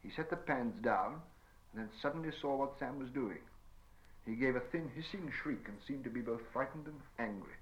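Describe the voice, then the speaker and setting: A man reading a fantasy story aloud in measured storytelling narration. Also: mid-range voice, low-quality recording. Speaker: audiobook narrator. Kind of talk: scripted narration.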